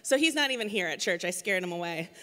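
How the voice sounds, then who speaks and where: A woman's voice: on the low side, expressive, quick pace, sharp tone. Chatty woman preaching in a reverberant hall. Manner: chatty, self-deprecating storytelling with many fillers. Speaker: guest speaker filling in for the pastor. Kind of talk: casual church sermon. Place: church stage.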